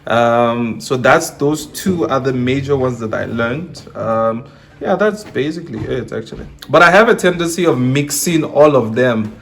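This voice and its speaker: A young man with a Nigerian accent, talking casually as an interview guest, laid-back and quick to laugh, dropping slang into his speech. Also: mid-range voice, lively intonation, fairly bright tone, a little hiss or hum.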